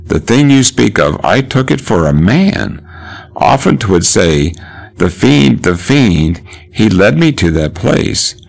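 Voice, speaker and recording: A man's voice: fairly low pitch, sing-song, takes it slowly, vocal fry, pitched above the performer's own voice, heavily acted. A man reading the lines of a blinded old nobleman, reciting them earnestly with his voice lifted. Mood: grieving.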